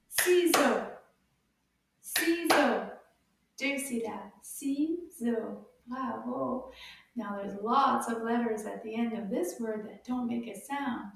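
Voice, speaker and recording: A woman with a high voice leads a slow, animated language lesson for small children. She repeats each word gently so they can copy it. She is heard from off-mic in a very echoey room. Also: creaky, far from the mic. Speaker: children's French teacher.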